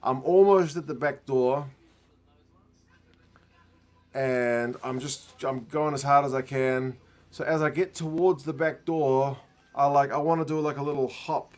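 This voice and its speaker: A man's voice: medium pitch, steady tone, unhurried, pauses often. A man hosting a rugby watch-along, casually telling a rambling, self-mocking story and often laughing at himself. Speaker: rugby channel host.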